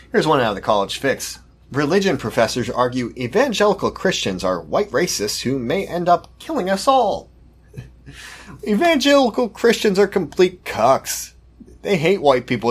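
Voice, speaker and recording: A man's voice: medium pitch, slightly rough. A man hosting a podcast, reading news articles aloud and commenting on them in a sarcastic, mocking way. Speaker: podcast host.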